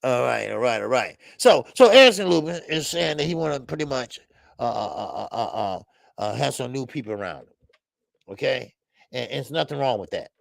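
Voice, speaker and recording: Lively gravelly male stream host. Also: medium pitch, fairly quick, dry recording, studio quality. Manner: animated, chatty, laughs often, greets chatters; profane slang. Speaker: boxing show host. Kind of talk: casual livestream commentary.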